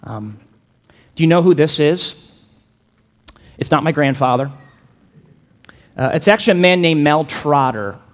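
Male pastor, higher-pitched voice, dynamic emphatic sermon delivery, long hall reverb. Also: lively intonation, unhurried, long pauses. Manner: dynamic preaching, acts out quotes, builds to emphatic peaks.

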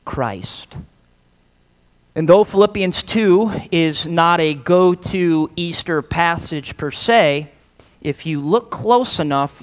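Pastor guy preaching slow, smooth clear voice, leans on big words, little uhs here and there. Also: fairly high pitch. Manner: earnest, drawn-out emphasis on key words; fillers between phrases. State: slightly out of breath. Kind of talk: Easter sermon with scripture reading.

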